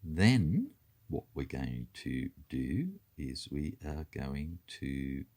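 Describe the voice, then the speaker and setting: A man with a remarkably deep voice walks through a tabletop wargame turn. He counts moves and dice totals aloud in a methodical, unhurried way, his pitch rising and falling freely. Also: animated, mellow. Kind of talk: talking through a board game turn.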